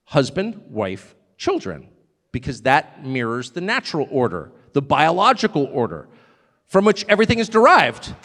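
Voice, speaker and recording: A man's voice: on the high side, wildly swooping pitch, normal speed, a bit bright, long reverb tail. A man giving a live stage speech, emphatic and joking, often drifting off on digressions. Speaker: guest speaker at a live event.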